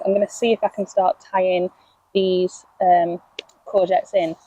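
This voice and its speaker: An English allotment vlogger, a young woman, chats casually while planting, talking to her plants and laughing at herself. Her voice is lowish, level, dark, and unhurried, captured outdoors on a low-quality camera mic as she moves around.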